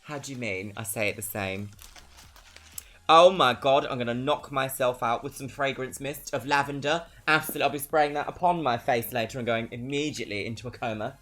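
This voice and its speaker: A woman's voice: a bass voice, fairly quick, a bit bright, faint music behind. A young woman from London with a London accent, chatting on a live stream in a bubbly, giggly way. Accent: London English. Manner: bubbly, chatty, laughs often. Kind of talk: casual live-stream chat.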